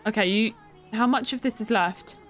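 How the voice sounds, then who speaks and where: A woman's voice: on the high side, normal speed, fairly bright tone. A young woman streaming a game, chatting casually, reacting to the game and thanking viewers by name. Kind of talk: casual live-stream chat while playing. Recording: faint music behind.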